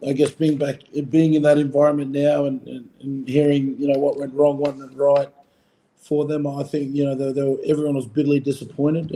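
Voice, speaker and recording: Warm and fairly high, the voice belongs to a rugby coach in his forties, a former player with an Australian accent, chatting in an interview in Fiji. He rambles casually with many fillers and restarts, and the recording quality is low.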